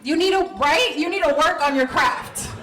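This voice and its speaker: A woman's voice: high voice, normal speed, pushed and bright. A woman in her thirties doing a stand-up comedy set, brash, profane and self-mocking, laughing through her lines. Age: 30s. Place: comedy club stage. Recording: noisy live club recording.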